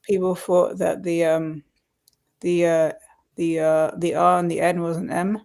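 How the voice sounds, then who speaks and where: A woman's voice: on the low side, level tone, unhurried, creaky, darkish tone. A woman chatting casually on a livestream, friendly and talkative, repeating words as she searches for them.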